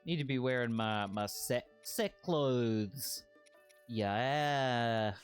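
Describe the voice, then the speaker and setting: A man streaming a video game, chatting in a playful, joking way and breaking into excited squeals. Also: medium pitch, extremely slow, smooth, soft background music. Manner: puts on a put-on accent by habit. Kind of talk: casual let's-play commentary.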